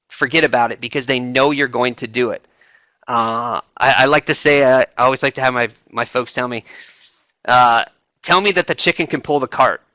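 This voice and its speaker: Middle-aged man, senior enlisted advisor, bright dry voice, loose conversational delivery with fillers. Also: mid-range voice, no echo. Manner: conversational, many fillers and restarts. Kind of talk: informal talk to a webinar audience.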